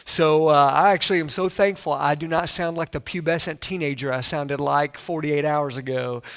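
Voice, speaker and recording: A man's voice: a little high, steady tone, moderate pace, a bit bright. Congested, chatty male pastor. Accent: Northern Kentucky. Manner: chatty, conversational and enthusiastic. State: congested from a sinus infection. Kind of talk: sermon. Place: church service.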